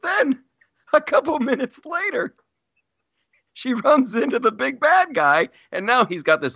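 A man's voice: very high voice, big pitch swings, unhurried, gravelly, sharp tone, no room sound, highs cut off. A man co-hosting a podcast, chatting casually and ranting about a movie, acting out scenes in mocking voices. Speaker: podcast co-host. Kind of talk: casual chat, movie rant.

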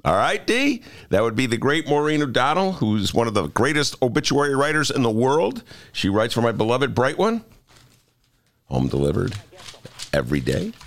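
A man's voice: medium pitch, big pitch swings, moderate pace. A man hosting a radio talk show in a studio, joking and mocking himself. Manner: joking, self-mocking, playful.

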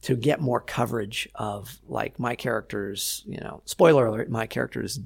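A man, an actor being interviewed, telling lively behind-the-scenes stories and acting out what people said. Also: mid-range voice, moderate pace, gravelly, slightly rough. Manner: animated storyteller, acts out quotes. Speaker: actor guest. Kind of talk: casual interview chat.

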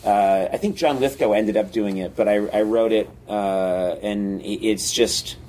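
A man's voice: on the low side, measured pace, darkish tone, poor audio. A man telling stories in casual conversation, rambling with many fillers. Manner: rambling, filler-heavy storytelling. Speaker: comedy writer and guest.

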